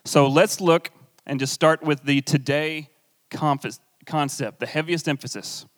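A young man preaching a sermon, teaching in an animated, playful way with jokes and asides to the congregation. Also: a little high, unhurried. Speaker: pastor. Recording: long hall reverb.

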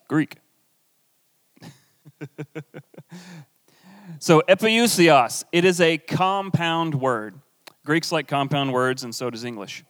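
A young man preaching a sermon, teaching in an animated, playful way with jokes and asides to the congregation. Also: fairly high pitch. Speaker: pastor. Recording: long hall reverb.

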